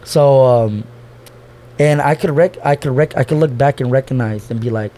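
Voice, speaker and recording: A man's voice: medium pitch, moderate pace, mellow. A young man, a podcast guest, talking loosely and emotionally about his family, saying "bro" a lot, swearing and restarting his sentences. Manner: loose slangy talk, says bro constantly, swears, restarts. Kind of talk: casual heartfelt conversation.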